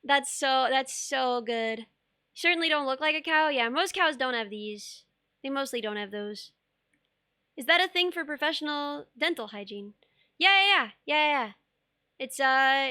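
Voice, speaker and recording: Young woman, streamer, high voice, bubbly, rambling chat, dry close mic. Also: sharp tone, smooth, no room sound. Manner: bubbly, rambling, laughs often, reads chat aloud. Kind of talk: casual chat while sculpting.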